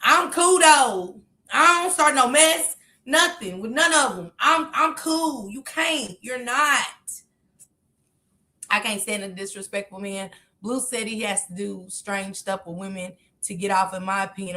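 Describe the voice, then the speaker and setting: A woman from Kentucky giving casual, emphatic reaction commentary as a streamer, swinging from loud outbursts to quiet asides. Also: medium pitch, echoey room.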